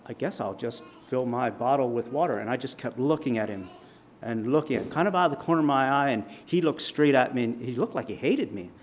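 A man preaching, telling a vivid personal story as a sermon illustration, with dramatic swings in loudness. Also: mid-range voice, animated, a little fast, slight background noise.

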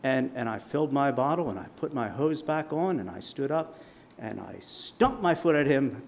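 A man preaching, telling a vivid personal story as a sermon illustration, with dramatic swings in loudness. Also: medium pitch, animated, moderate pace, gravelly, a little hiss or hum.

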